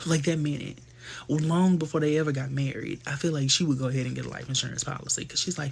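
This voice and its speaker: A man hosting a live stream, chatting casually and telling gossipy stories full of slang and quick asides. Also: fairly high pitch, fairly even intonation, gravelly, slight background noise. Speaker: livestream host.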